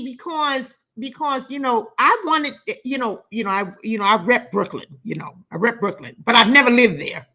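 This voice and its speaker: Woman host, high bright voice, emphatic and repetitive, cuts in on callers. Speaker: call-in show host. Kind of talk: casual call-in talk.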